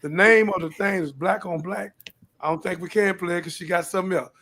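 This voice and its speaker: An older man from Houston, Texas, hosts his own live show, preaching to young people to stop the violence, repeating himself and rising into pleading questions. His voice sits high with a steady, bright, forceful tone and a brisk pace, and there is a little hiss or hum.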